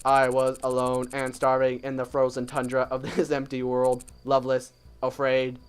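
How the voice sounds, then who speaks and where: A man voicing a sassy, aloof male robot bird in a game let's play, slow and drawling. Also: mid-range voice, monotone, smooth, close to an everyday voice.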